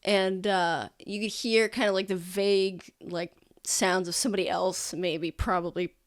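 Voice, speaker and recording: A woman's voice: mid-range voice, steady tone, moderate pace, no room sound, clean studio sound. A woman narrating a tabletop game as game master, loose and full of fillers.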